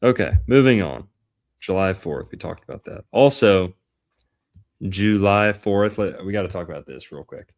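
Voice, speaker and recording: Guy with a deep voice joking around on a podcast, punny, stretches words out. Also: animated. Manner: playful, punning, drawn-out emphatic words. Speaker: podcast host. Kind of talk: casual chat about astrology.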